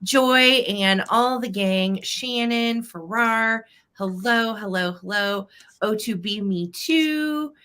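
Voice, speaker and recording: A woman's voice: mid-range voice, slow, fairly bright tone. A woman hosting a live vintage sale stream, chatting casually and greeting viewers by name.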